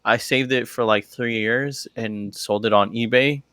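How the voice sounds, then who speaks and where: A man guesting on a casual podcast, telling stories in an animated, swearing rush that jumps from topic to topic. His voice sits at a middle pitch. The sound is dry and close. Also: a little slow, dry recording. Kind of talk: casual chat.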